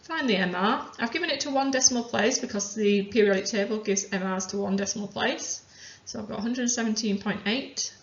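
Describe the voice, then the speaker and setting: A woman chemistry teacher calmly talking through worked examples step by step. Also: medium pitch, a little fast, few pauses. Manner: methodical, talks through each step aloud. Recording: roomy, dull lo-fi sound.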